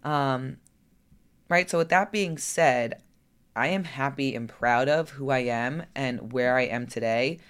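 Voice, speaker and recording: A woman coach talking candidly in a personal vlog, frank and chatty, now and then cursing and asking rhetorical "right?" questions. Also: a bass voice. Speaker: lifestyle coach.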